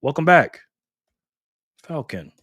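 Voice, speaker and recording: A man's voice: fairly high pitch, very animated, slow pace, a bit bright, no room sound, clean studio sound. A man hosting a casual live stream, greeting chat viewers by name in a friendly, upbeat way from home. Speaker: livestream host. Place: home room in Las Vegas.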